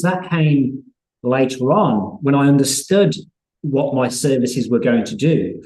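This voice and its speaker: A man hosting a live online interview, talking in halting bursts with frequent restarts and fillers. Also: mid-range voice, lively intonation, darkish tone. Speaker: host. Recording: roomy echo.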